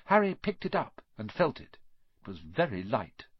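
A man narrating an audiobook in an expressive storytelling manner. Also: medium pitch, moderate pace, husky, no room sound. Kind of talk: scripted narration. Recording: dry, slightly dull lo-fi sound.

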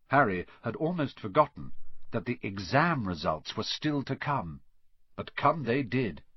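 A man reads a children's fantasy audiobook with lively, expressive phrasing and a voice that rises and falls a lot. The recording is dry, close and a little dull. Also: mid-range voice, slightly rough, no echo. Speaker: audiobook narrator. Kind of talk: scripted narration.

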